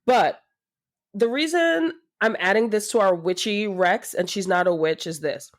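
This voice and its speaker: A woman co-hosting a podcast, animatedly pitching a book recommendation in casual chat. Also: measured pace. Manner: animated, laughing, self-deprecating. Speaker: podcast co-host.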